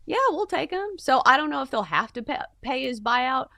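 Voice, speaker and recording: A woman's voice: high voice, lively intonation, moderate pace, gravelly, bright, forceful tone, no echo. A woman co-hosting a sports talk show, giving opinions in a casual way with lots of "like" fillers. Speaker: sports betting show co-host.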